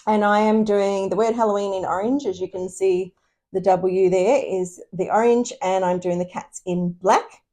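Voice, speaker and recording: A woman's voice: medium pitch, steady tone, moderate pace, mellow. A woman co-hosting a cross stitch video, chatting casually and laughing often. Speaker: co-host of a cross stitch channel. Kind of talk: casual chat.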